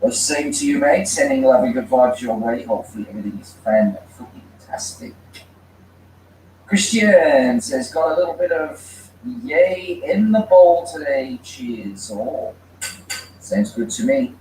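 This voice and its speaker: A man's voice: mid-range voice, expressive, measured pace, a little mellow. A man hosting a livestream, greeting viewers by name and reading their comments in casual chat. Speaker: livestream host. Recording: echoey room, mic far off, faint noise.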